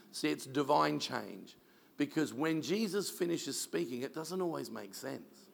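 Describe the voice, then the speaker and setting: A man's voice: fairly high pitch, lively intonation, unhurried, creaky. A man, a pastor telling stories in a sermon and mimicking the people he quotes. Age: 60s. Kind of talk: sermon storytelling.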